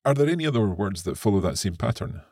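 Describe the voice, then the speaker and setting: A man's voice: fairly low pitch, big pitch swings, fast talker, a little mellow, dry recording, clean studio sound. A man co-hosting an Italian language lesson, summarizing examples and spelling words out letter by letter. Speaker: co-host, learner of Italian.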